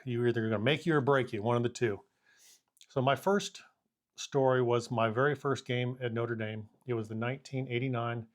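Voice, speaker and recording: A man in his fifties casually recounting his college football days. He tells the stories animatedly, acting out moments with quoted lines, in an ordinary male voice at a middle pitch. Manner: animated storyteller who acts out the scene with quoted lines. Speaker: former college punter and kicking coach. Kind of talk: casual anecdote telling.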